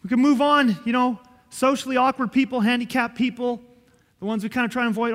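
Male pastor, high voice, earnest sermon delivery, long church-hall echo. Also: steady tone, fast talker. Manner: earnest, emphatic, swings from loud to soft.

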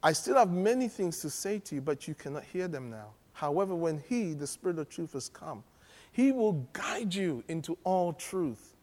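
A man preaching a sermon, animated and humorous, often laughing as he teaches. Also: on the high side, normal speed. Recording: long reverb of a large hall.

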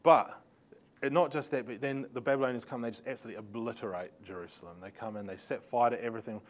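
A man talks fast at a medium pitch as he teaches from slides in a Bible lesson. His storytelling is lively, peppered with sarcastic jabs and laughing side comments.

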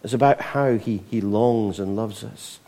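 A man's voice: on the low side, a little slow, creaky, warm tone. A Scottish man preaching a conversational sermon, with frequent asides to the congregation. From Scotland.

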